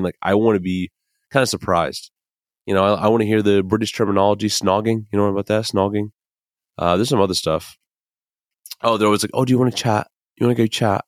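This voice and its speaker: A man's voice: low-pitched, no echo, clean studio sound. A young man from the American Midwest hosting a podcast, rambling in casual, emphatic commentary full of fillers and the odd curse word. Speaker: podcast host.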